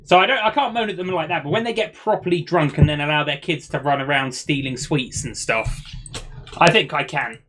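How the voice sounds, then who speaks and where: A man's voice: a little high, brisk, a bit bright, a little hiss or hum. A man, co-hosting a podcast in casual banter, telling boastful, joking stories. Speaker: podcast co-host.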